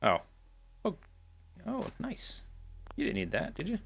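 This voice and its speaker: A man's voice: high-pitched, huge pitch swings, measured pace, creaky, a bit bright, breathy edge. A man hosting a let's play, chatting casually and rambling as he explains the game controls while he plays. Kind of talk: casual gameplay commentary.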